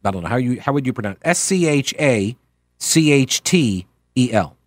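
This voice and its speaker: A man's voice: mid-range voice, expressive, moderate pace, dry recording, clean studio sound. A man hosting a political talk radio show, speaking in an opinionated, sarcastic and emphatic way.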